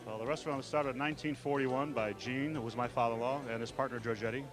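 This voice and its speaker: A restaurant owner from Chicago hosts a party, addressing the crowd and telling genial anecdotes to his guests, plus answering interview questions. His voice is medium-pitched, steady and fast, with music and a loud crowd of chatting guests behind him.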